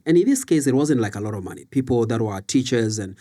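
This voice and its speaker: A man's voice: medium pitch, animated, fast talker, dark tone. A man from Kenya, a leadership coach and author, telling his life story in an earnest, reflective podcast interview. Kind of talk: conversational storytelling.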